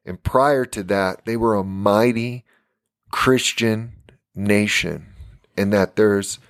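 A man's voice: fairly low pitch, slow, no echo, studio quality. An American man preaching a fiery live-stream sermon for his podcast, emphatic and tired. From United States.

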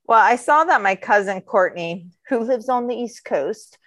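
A woman's voice: a little high, expressive, normal speed, no echo, clean studio sound. A woman co-hosting a casual podcast, talking candidly and rambling with self-deprecating asides. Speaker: podcast co-host. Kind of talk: casual chat.

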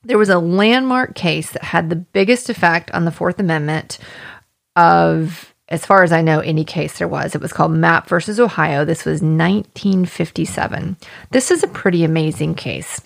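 A woman's voice: fairly low pitch, normal speed, vocal fry. A woman hosting a true-crime podcast, explaining legal points in a plain, conversational way. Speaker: podcast host.

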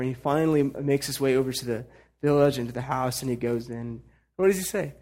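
A man's voice: mid-range voice, a little fast, a little mellow. A man preaching a sermon in a conversational way, at times building to emphatic urging. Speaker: pastor.

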